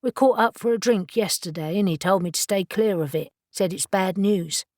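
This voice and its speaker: A woman's voice: mid-range voice, normal speed, a little mellow, no echo, studio quality, natural voice. A woman voicing a nonchalant, self-effacing man with an English accent who speaks politely and wryly. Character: nonchalant, rumpled Englishman, wry charmer.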